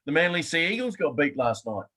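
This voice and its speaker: A man's voice: on the high side, very animated, a little fast, sharp tone. A man co-hosting a sports podcast, with a dry, understated manner in casual chat. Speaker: podcast co-host.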